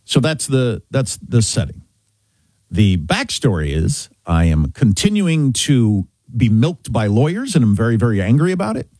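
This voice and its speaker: A man's voice: mid-range voice, very animated, moderate pace, a little mellow, dry recording. A middle-aged man from Kansas hosting a talk show, telling a story in casual chat with emphatic restarts. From Kansas, USA.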